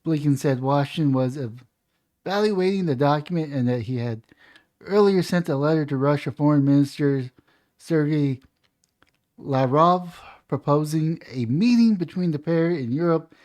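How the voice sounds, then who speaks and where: Opinionated man with a mellow voice. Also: fairly high pitch. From United States. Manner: opinionated, emphatic, reads news aloud then rants. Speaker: political commentator. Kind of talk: political commentary monologue.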